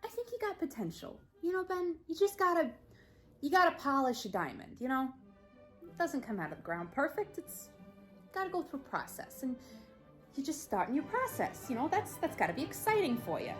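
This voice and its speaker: A woman acting out a sharp-tongued married woman from a crime family in an improvised comedy scene, condescending and mock-sweet, dropping into low menacing whispers. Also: big pitch swings, fairly quick, soft background music. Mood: smooth persuasive.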